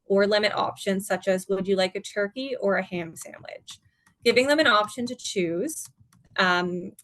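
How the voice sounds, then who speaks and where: A woman presenting at an online seminar as a dementia care educator, giving calm, step-by-step guidance. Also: medium pitch, dry recording. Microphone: video call.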